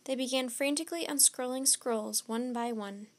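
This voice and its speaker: A woman storyteller reading a children's chapter book aloud, slow, deliberate and expressive. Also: high-pitched.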